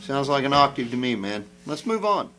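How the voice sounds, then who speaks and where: A man's voice: mid-range voice, sing-song, moderate pace, poor audio. A man talking casually to the camera while repairing an old guitar, rambling and thinking aloud as he works.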